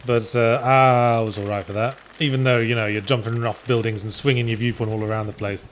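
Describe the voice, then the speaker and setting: Man, let's play host, casual chat, dry, sardonic, medium pitch. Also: fairly even intonation, a little fast, a little hiss or hum. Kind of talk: casual gaming commentary chat.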